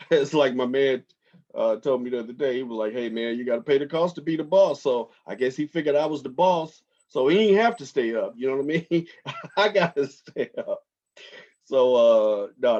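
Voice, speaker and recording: Laid-back man telling stories, low voice. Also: dull audio. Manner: relaxed storytelling with frequent fillers. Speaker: podcast host. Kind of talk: casual monologue. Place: home office.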